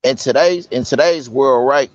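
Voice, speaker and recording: A man's voice: mid-range voice, normal speed, no room sound. Insistent man talking street slang, muffled sound. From California. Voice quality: loose street slang, fillers like "you know what I'm saying". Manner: earnest, insistent. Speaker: incarcerated guest. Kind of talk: casual conversation. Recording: dull lo-fi sound.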